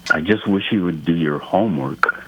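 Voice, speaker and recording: A man with a very deep, low voice phones in to a radio talk show. He speaks earnestly and sounds somewhat indignant, pressing his point firmly. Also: normal speed, breathy edge, highs cut off. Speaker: caller. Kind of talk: call-in radio conversation.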